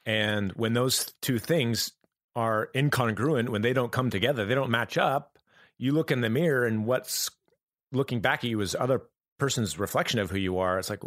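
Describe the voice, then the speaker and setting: A man talking as a podcast guest, reflective and halting, often restarting his sentences as he thinks aloud. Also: mid-range voice, a bit bright, dry recording, studio quality. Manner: halting, thoughtful, many restarts. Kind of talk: reflective conversation.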